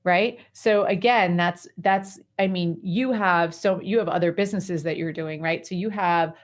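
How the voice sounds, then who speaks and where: A woman hosting a radio talk show, coaching her guest in a lively, chatty way with lots of fillers. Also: lowish voice, measured pace. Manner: animated, chatty explaining with many fillers. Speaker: host and life coach.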